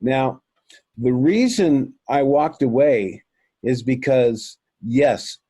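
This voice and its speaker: Earnest, rambling man with a mellow voice. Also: mid-range voice, slow pace, breathy edge, dry recording. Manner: rambling, many fillers and restarts; earnest, addresses listeners as folks. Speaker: interview guest. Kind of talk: recounting a personal experience.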